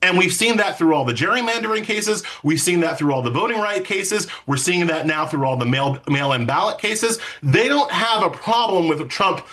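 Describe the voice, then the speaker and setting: A man speaking as an interview guest, emphatic and quick, with many fillers and restarts. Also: high voice, animated, a bit bright. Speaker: legal commentator guest. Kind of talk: political interview.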